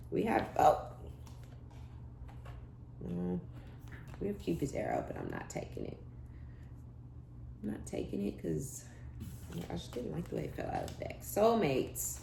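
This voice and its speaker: Low-voiced blunt woman reading tarot. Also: wildly swooping pitch, measured pace, gravelly, long pauses, dark tone. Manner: blunt, profane, laughing asides, slangy. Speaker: tarot reader. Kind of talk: casual tarot reading monologue. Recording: echoey room with faint background hum.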